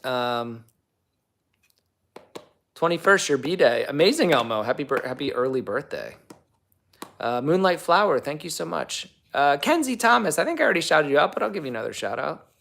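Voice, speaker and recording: Young guy w a gravelly voice, rambling thru chat on his livestream, lots of ums and likes. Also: a little high, big pitch swings, normal speed, a bit bright. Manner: rambling and chatty, lots of fillers. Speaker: livestream host and actor. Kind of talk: casual livestream chat, reading viewer comments.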